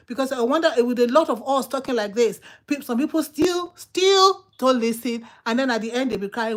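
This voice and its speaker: A woman's voice: fairly high pitch, brisk. A woman with a Nigerian accent, hosting a channel and giving casual, emphatic advice that she repeats for effect. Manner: emphatic, repetitive, preachy. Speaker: channel host.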